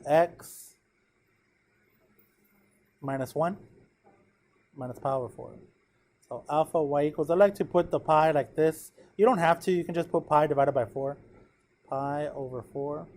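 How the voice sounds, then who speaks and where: A man with a slightly high voice teaches a math lesson in a classroom. His tone is casual and encouraging, and he keeps pausing to ask the students whether they follow. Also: darkish tone, a little hiss or hum. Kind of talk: classroom lecture.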